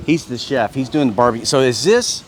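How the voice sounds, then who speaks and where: A man's voice: medium pitch, lively intonation, fairly quick. Chatty man hosting a casual vlog. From Texas. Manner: chatty, upbeat, asks short questions. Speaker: vlog host. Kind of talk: casual on-camera interview.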